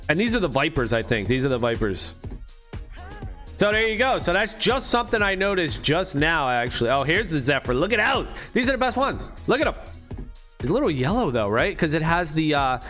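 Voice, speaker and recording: Casual male host, high-pitched, loose and profane, faint music underneath. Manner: loose, profane, excitable rambling. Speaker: crypto gaming channel host. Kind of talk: casual screen walkthrough commentary.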